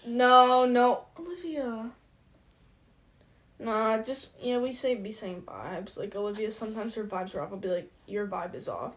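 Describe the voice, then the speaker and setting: An eighteen-year-old woman in a casual chat with a friend. Her voice sits a little high, and her talk is slangy and loose. She laughs easily and sometimes runs her words together. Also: a little slow. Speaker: podcast co-host.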